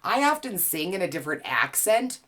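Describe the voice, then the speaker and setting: A woman teaching a well-being class, gently and playfully guiding listeners through calming exercises with easy laughs. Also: fairly low pitch, brisk. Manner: playful, chatty, laughs easily. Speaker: wellness teacher and author.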